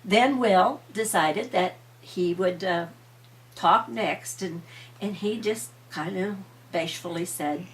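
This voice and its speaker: An older grandmother with a creaky voice telling a bedtime story gently and with chatty asides. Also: mid-range voice, a little slow. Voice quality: old, creaky voice.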